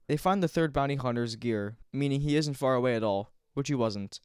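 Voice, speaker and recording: A man's voice: medium pitch, brisk, darkish tone, clear, resonant tone, no echo, clean studio sound. A man casually recapping game missions at home, mumbling and joking crudely. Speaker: gaming commentator. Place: home room, recorded late at night.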